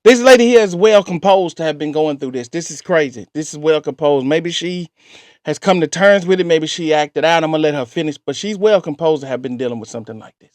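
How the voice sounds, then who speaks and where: A man's voice: a little high, a little fast, a little mellow. A man reacts to a story on his channel. He exclaims, jokes and talks back to it with a lot of energy. His voice sounds close and dry, with no room echo. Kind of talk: animated reaction commentary.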